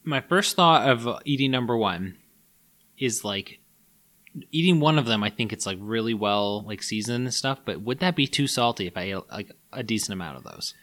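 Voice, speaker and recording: Bright-voiced rambling man. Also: mid-range voice, normal speed. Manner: animated, rambling, swears. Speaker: podcast co-host. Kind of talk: casual chat.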